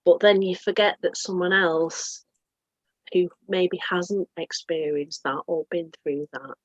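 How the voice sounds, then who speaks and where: A woman with a British accent hosting a casual group chat, chatty and quick to laugh. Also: lowish voice, no room sound. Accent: British English. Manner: chatty, laughs often, lively asides. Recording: dull lo-fi dry sound.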